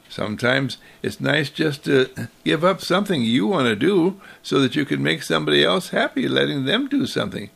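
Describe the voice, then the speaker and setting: A man giving a sermon-like talk, telling a story and slipping into its characters' voices. His voice is fairly high and gravelly, and his pitch swings widely as he speaks. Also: big pitch swings, moderate pace, fairly bright tone.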